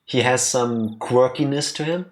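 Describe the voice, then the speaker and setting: A let's play co-host chats casually alongside the game, joking and rambling with stammered restarts. The voice sits at a middle pitch and stays conversational throughout. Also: measured pace. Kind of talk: casual commentary chat.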